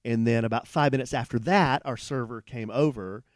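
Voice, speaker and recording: A man co-hosting a podcast from a hotel room, telling a long anecdote in a rambling, animated way with many restarts. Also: mid-range voice, normal speed, no room sound, clean studio sound. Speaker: podcast co-host. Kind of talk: casual storytelling chat.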